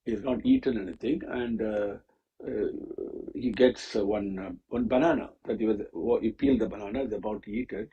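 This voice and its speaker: A man teaching the meaning of a Sanskrit hymn, pausing often with fillers and restarts. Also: fairly low pitch, vocal fry, breathy edge, dull audio. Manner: halting, with many fillers and restarts. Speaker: scripture teacher. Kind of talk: explaining a Sanskrit hymn with stories.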